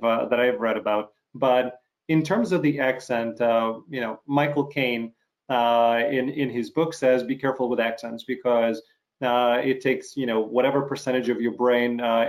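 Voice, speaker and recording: A man whose first language is Russian, an actor interviewing a guest in a measured way with many fillers. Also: medium pitch, a little mellow. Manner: measured, uses many fillers while forming questions. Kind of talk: interview conversation.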